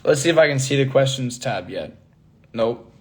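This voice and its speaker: A young man with a mid-pitched voice chats easily on a phone livestream, answering fans as he goes. He reads comments aloud and laughs often. He slips from one language to another without a pause. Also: lively intonation. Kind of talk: casual livestream chat.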